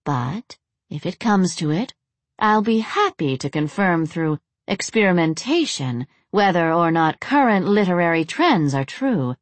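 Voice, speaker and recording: A woman's voice: on the low side, expressive, measured pace, dry recording. A woman voicing a blunt, disdainful undead woman who mocks her guests in a storybook reading. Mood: sardonic. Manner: mocking, blunt.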